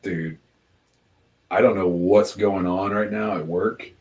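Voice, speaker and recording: A man co-hosting a casual podcast chat over a video call, talking in a relaxed, rambling way with lots of fillers. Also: low voice, slow, highs cut off, heavy background noise. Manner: laid-back, chatty, lots of fillers and laughter. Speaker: podcast co-host.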